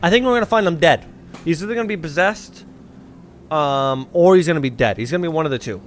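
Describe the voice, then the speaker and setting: A male streamer chatting over his gameplay, rambling and sarcastic, with a lot of swearing. His voice sits fairly high for a man. Faint noise hums underneath. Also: lively intonation, fast talker. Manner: rambling, profane, sarcastic, frequent restarts. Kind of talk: casual gameplay commentary.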